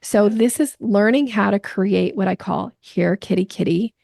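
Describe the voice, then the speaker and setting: A woman guest on a podcast, a sales coach explaining her ideas in lively conversation with playful examples. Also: mid-range voice, normal speed, creaky, no room sound, studio quality.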